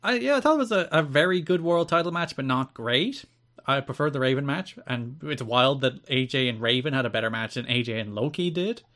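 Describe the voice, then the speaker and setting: A man chatting casually on a podcast about wrestling, his voice sitting at an ordinary middle pitch. He recaps events quickly and slips into goofy voices for quoted lines. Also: animated, fairly bright tone. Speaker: podcast co-host.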